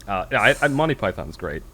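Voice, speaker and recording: Low-voiced man, rambling podcast host. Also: pushed and bright. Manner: rambling, laughs often, many restarts. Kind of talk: casual podcast chat.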